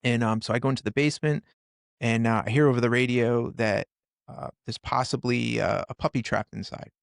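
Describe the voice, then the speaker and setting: A middle-aged man, a firefighter and author, telling his story in a conversation, in an earnest and halting way with many restarts. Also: medium pitch, steady tone, gravelly, no room sound, clean studio sound. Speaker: podcast guest, firefighter and author.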